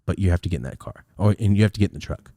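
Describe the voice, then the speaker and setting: A man voicing his stern, unyielding father with a flat, blunt delivery in a dry room. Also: sits low, rapid-fire, no room sound, voice pushed down. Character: stern middle-aged father, gruff and unyielding.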